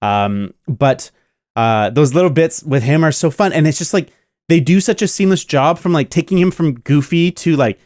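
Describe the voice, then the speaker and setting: A podcast co-host talks about a movie in a casual, enthusiastic review chat, rambling and using lots of fillers. His voice is a little high and a little mellow at a moderate pace, recorded dry with studio quality.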